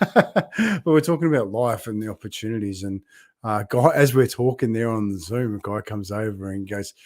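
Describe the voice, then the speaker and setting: A man's voice: on the low side, lively intonation, normal speed, darkish tone, dry recording, studio quality. A middle-aged man talking in a heartfelt, rambling way on a casual live video diary, laughing often and greeting viewers by name. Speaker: vlogger and builders' coach.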